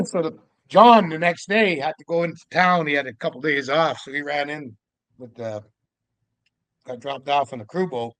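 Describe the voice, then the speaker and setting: An older man from Vancouver Island, Canada, a podcast guest telling his stories in a lively way and acting out the dialogue. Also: a little high, normal speed, no room sound. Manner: lively storyteller who acts out the dialogue. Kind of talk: casual storytelling.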